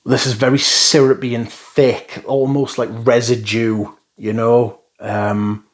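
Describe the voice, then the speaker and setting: A man's voice: medium pitch, little pitch movement, slow. Blunt, sweary man reviewing perfume. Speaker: fragrance reviewer. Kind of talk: casual first-impression review.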